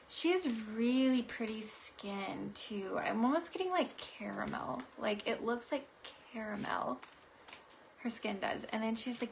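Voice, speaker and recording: High-pitched bubbly lady doing a live psychic card reading, giggly and chatty, little bit of faint noise. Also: vocal fry. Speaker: psychic reader.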